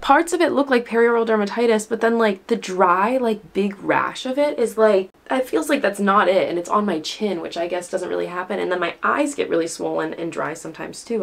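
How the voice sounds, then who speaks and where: A woman's voice: medium pitch, vocal fry. A young woman vlogging casually to camera, rambling with many fillers, upset and tearful. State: crying, upset. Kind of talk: casual vlog talk to camera.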